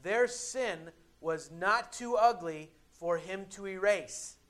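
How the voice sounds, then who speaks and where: A young adult male pastor preaching a sermon in a conversational way, with dramatic pauses and emphatic builds. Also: high-pitched, fairly bright tone.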